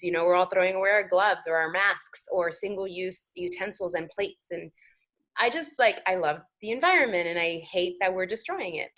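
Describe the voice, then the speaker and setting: Chatty American actress on a talk show. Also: female voice, mid-range voice. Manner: animated, chatty, many fillers. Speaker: guest actor. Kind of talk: casual interview chat.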